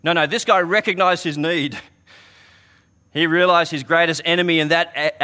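Aussie pastor guy giving a sermon, earnest chatty storyteller, kinda high bright voice. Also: steady tone, normal speed, clean tone. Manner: earnest, conversational storytelling with repeated restarts. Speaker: preacher.

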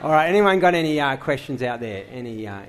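A man's voice: mid-range voice, very animated, fast talker. A man hosting an on-stage interview and encouraging questions from the audience. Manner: encouraging, brief affirmations. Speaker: interviewer and event host.

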